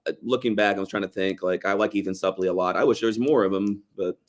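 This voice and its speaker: Male podcast co-host, casual, rambling, quick to laugh. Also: lowish voice. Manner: laid-back, rambling, laughs often. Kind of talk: casual chat.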